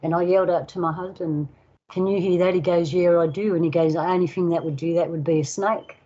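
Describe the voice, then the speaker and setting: Older woman, Australian accent, storytelling, mellow, dull lo-fi recording. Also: deep voice, husky. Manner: unhurried, acts out dialogue and sounds. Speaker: guest elder storyteller. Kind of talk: casual spoken storytelling.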